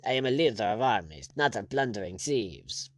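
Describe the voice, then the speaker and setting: A man's voice: fairly low pitch, animated, normal speed, dry recording, clean studio sound, close to an everyday voice. A man reading a haughty French baron. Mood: angry. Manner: disdainful, icy, angry.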